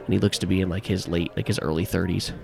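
A man narrating a tabletop game as game master, in a rambling, halting way full of fillers. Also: low-pitched, steady tone, creaky, darkish tone.

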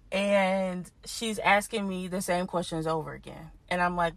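A woman podcast host telling a frustrating story in a casual, animated way, talking straight to her listeners. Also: on the low side, normal speed, vocal fry, few pauses, dry recording. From Houston. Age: adult parent.

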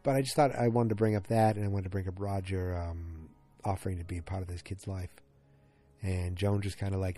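In a loose solo recap of a TV episode, a male reviewer talks in a fairly low, mellow, steady voice at a fairly quick clip. He rambles, restarts sentences and fills pauses with ums, with soft music faintly in the background.

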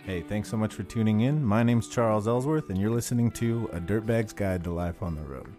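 A man's voice: lowish voice, brisk, over music. A man hosting his own podcast from a practice studio, talking in a blunt, profane, angry rant. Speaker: podcast host. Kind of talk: solo podcast monologue.

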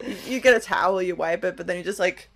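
A woman's voice: lowish voice, fast, a bit bright. A young woman co-hosting a podcast, chatting frankly and bawdily, often giggling. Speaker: podcast co-host. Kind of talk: casual chat.

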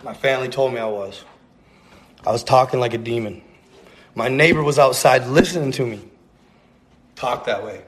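A man's voice: mid-range voice, moderate pace, pauses often. A man telling a rambling, profane story in a casual, earnest way, full of slang and repeats. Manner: earnest, intense.

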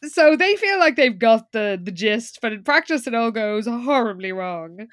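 A woman co-hosting a podcast, retelling a show in animated, giggly casual chat. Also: a little high, moderate pace, no room sound, studio quality. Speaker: podcast co-host.

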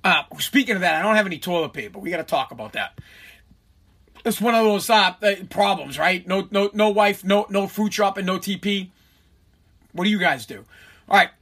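A man's voice: high voice, normal speed, sharp tone, husky. A man hosting a casual solo podcast from his home basement, ranting animatedly, swearing and laughing at himself. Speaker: podcast host.

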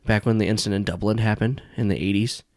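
A man's voice: on the low side, steady tone, quick pace, a little mellow, no room sound. A man narrating a tabletop game as game master, rambling with many fillers and restarts.

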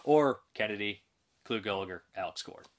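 A man's voice: fairly low pitch, normal speed, noisy background. A man hosting a casual film review show, talking in a rambling, enthusiastic way with restarts and laughs.

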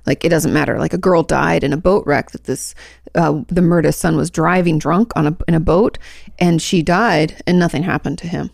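A woman's voice: sits low, moderate pace, vocal fry, a little mellow, no room sound, studio quality. A young adult woman co-hosting a podcast, chatting casually and rambling through stories with lots of fillers. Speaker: podcast co-host. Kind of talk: casual chat.

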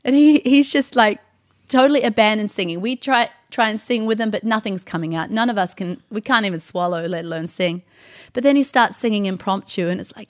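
On a podcast, a woman tells an emotional personal story in an animated way, her voice rising high whenever she quotes someone else. She talks a little fast, and the recording is dry and studio-clean.

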